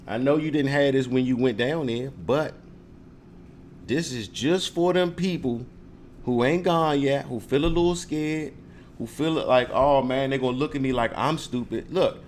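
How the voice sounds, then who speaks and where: A man talks casually to the camera, animated and joking, acting out confrontations with mock questions. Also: on the high side, a little hiss or hum. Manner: animated, joking, mock-confrontational role-play with frequent laughs. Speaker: speaker giving advice to viewers.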